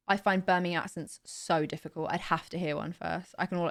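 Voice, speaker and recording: A woman's voice: on the low side, steady tone, fast, hardly any pauses. Chatty young woman streaming. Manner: chatty and rambling, full of "like" and "you know". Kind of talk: casual livestream chat.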